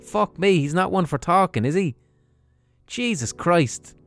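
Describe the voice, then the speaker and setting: A man's voice: sits high, expressive, measured pace, fairly bright tone, faint music behind, pitched above the performer's own voice, exaggerated voice. An Irish man voicing bemused, foul-mouthed alien visitors who talk in a casual, offhand way. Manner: swearing, chatty, offhand.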